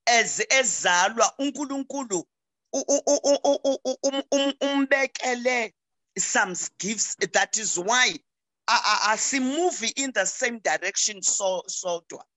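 A woman's voice: a little high, animated, a little slow, fairly bright tone. A middle-aged South African woman, a pastor speaking as a talk show guest over a video call, preaching emphatically and often repeating words as she restarts.

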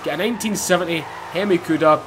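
Excitable young man gaming. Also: sits high, fast talker, a little hiss or hum. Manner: excitable, swears and laughs often. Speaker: gaming YouTuber. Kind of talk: casual gameplay commentary. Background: game music and car engines.

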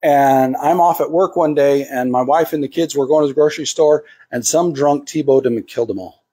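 A man's voice: on the high side, normal speed, dark tone, slightly rough. A man preaching to a congregation, acting out the voices of the people he quotes. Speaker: pastor. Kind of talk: sermon.

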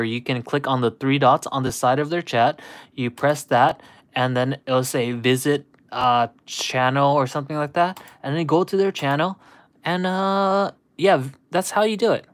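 A man's voice: medium pitch, a bit bright. A man hosts a casual livestream and answers his viewers in loose, rambling talk full of "dude" and nostalgia. His voice sits in a middle range. The sound is close and dry, with no room echo. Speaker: livestream host. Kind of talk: casual chat with live viewers.

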